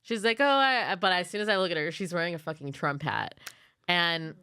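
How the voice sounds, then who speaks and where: A woman's voice: lowish voice, a little fast, clear, resonant tone. A woman comedian co-hosting a podcast, telling a story in casual chat, acting out the people she quotes and laughing as she goes. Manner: animated storyteller, acts out quoted people and laughs mid-sentence. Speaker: podcast co-host, stand-up comedian.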